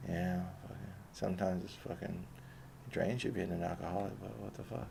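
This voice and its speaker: Podcast host, male, young adult: low gravelly voice, loose profane rambling, slight room noise. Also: steady tone, fairly quick. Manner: rambling, heavy swearing, laughs often.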